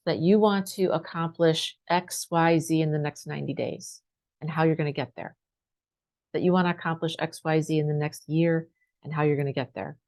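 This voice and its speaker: A woman's voice: sits low, a little mellow. A woman speaking as a life coach, talking straight to her viewers in a conversational way, often asking "right?" and acting out her clients' complaints. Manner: conversational, asks questions, repeats "right?". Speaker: life coach and spiritual teacher. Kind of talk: direct-to-camera motivational talk.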